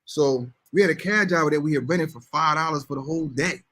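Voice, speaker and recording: A man in his forties tells a story in relaxed chat, his fairly high voice a little husky. He gets animated and acts out the voices of the people in his story. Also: fast. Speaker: storyteller on a podcast.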